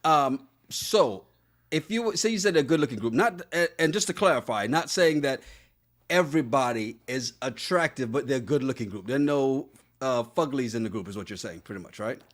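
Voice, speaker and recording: A man's voice: mid-range voice, animated, moderate pace. A man in his thirties co-hosting a casual podcast chat, teasing his partner and reading out viewer comments. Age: 30s. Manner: teasing, playful questioning. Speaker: podcast co-host.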